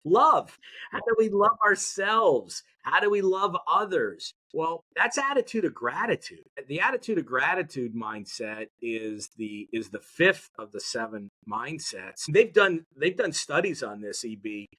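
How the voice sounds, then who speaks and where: A man talking as a podcast guest in an energetic, motivational way, drawing the audience in. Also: fairly high pitch, unhurried. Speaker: podcast guest, mindset educator. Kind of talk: conversational interview.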